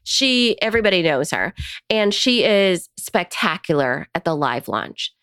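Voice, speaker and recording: A woman co-host talking business in a relaxed, chatty way, tossing in quick asides. Her voice sits lowish and sounds smooth and clear. The sound is dry and close, with no room around it. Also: no echo. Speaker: podcast co-host. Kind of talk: casual business chat.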